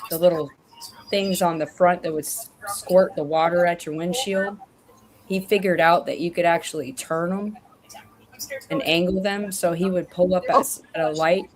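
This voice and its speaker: A woman's voice: on the low side, fairly even intonation, moderate pace, noisy background. A woman in casual chat, rambling and correcting herself as she tells stories over a remote call.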